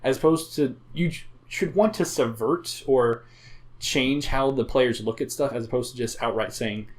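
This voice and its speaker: A man's voice: mid-range voice, moderate pace. A man with a mid-range voice co-hosts a casual gaming podcast. He rambles, swears freely and restarts his sentences often. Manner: rambling, profane, lots of fillers and restarts. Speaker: podcast co-host. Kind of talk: casual chat about tabletop games.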